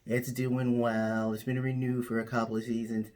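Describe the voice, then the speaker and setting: Deadpan man telling a tall tale. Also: medium pitch, moderate pace. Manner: absurd tall tale told matter-of-factly. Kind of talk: deadpan comic storytelling.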